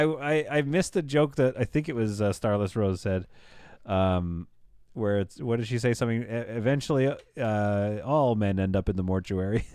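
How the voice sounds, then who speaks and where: Rambling thirties male streamer, deep voice, dry and close. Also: a little mellow, no echo. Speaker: live streamer. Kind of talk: casual live-stream chat while building.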